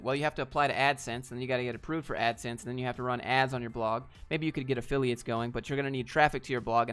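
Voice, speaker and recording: Young male streamer, casual and blunt, middle pitch, faint music underneath. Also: a bit bright. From Georgia, US. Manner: laid-back, reads viewer questions aloud and answers bluntly, says dude. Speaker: streamer answering chat. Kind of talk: casual livestream chat.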